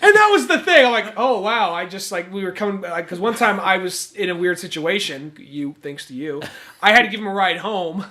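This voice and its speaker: A man's voice: sits high, animated, fairly quick, sharp tone. A young man co-hosting a podcast, telling stories in a rambling way with many fillers and restarts. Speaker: podcast co-host. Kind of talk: casual chat.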